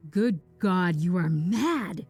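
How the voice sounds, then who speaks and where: A shaken old man speaking slowly, his voice low and trembling with fear, done by a woman narrating a horror tale. Faint music sits underneath. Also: mellow, lightly acted. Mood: fearful. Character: frightened old husband, shaken and fearful.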